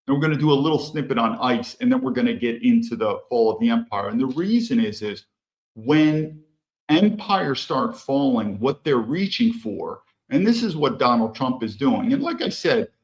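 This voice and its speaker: A man hosting his own podcast, delivering a rambling, emphatic solo commentary with frequent restarts. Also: mid-range voice. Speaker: podcast host. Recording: roomy, slightly dull audio.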